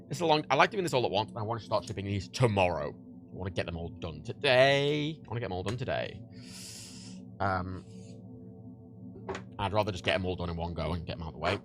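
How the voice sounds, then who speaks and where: A man's voice: fairly low pitch, fairly bright tone. A young man from Ireland chatting casually on a livestream while he packs orders, rambling, swearing and laughing at himself. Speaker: livestream host.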